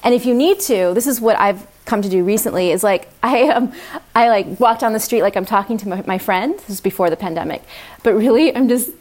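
A woman guest speaker talking warmly and animatedly on a video call, laughing often. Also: medium pitch, brisk. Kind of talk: heartfelt talk.

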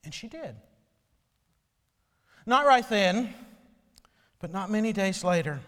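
A male pastor delivering a sermon, telling a story slowly and solemnly. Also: sits high, fairly bright tone, long reverb tail.

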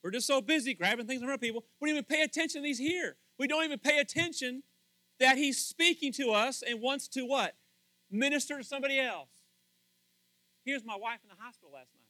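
A male preacher with a very high, bright, forceful voice, recorded dry and close. He preaches in a folksy, story-driven way and keeps tossing fill-in questions to the congregation. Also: no room sound, rough recording. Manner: asks the crowd fill-in questions. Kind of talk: sermon.

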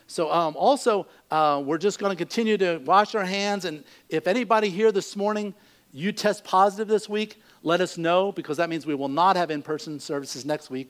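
A man pastor with a slightly raised voice delivers church announcements to his congregation. His talk is easygoing and conversational, peppered with ums as he moves from one notice to the next. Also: fairly high pitch. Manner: relaxed, conversational, with frequent fillers. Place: church service.

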